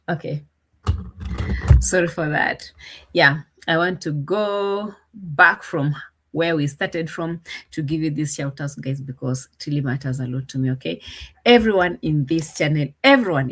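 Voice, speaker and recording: Woman, live-stream host, casual chat, greets viewers, lowish voice. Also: husky. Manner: chatty, laughing, greeting viewers by name. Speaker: reaction channel host.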